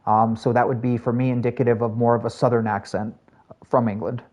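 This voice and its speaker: A man streaming a shooter game, chatting casually with his viewers in a rambling, filler-heavy way that jumps to excited highs. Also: fairly quick, highs cut off. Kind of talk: casual live-stream gameplay chat.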